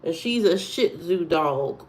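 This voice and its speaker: Woman chatting low on a livestream. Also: expressive, takes it slowly, a little mellow, poor audio. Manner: reads and answers chat comments aloud, lowered voice. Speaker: livestream host. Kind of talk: casual livestream chat with viewers.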